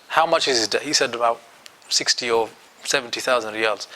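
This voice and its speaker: A man with a British accent teaching an Islamic studies class, telling a story in an animated way and acting out its dialogue. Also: on the high side, moderate pace. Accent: British English.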